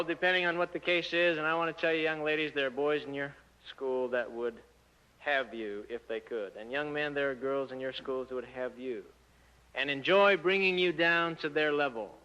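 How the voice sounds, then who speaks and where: A man giving a church talk to teenagers, an animated storyteller who asks rhetorical questions and acts out the dialogue. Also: a little high, moderate pace, clear, resonant tone. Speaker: church speaker addressing youth. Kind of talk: sermon-style talk to teens. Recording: muffled lo-fi recording.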